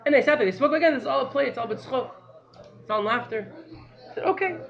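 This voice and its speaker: A man teaching a class by telling a story in an animated, excitable way, repeating phrases for emphasis. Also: very high-pitched, fast, creaky, muffled recording.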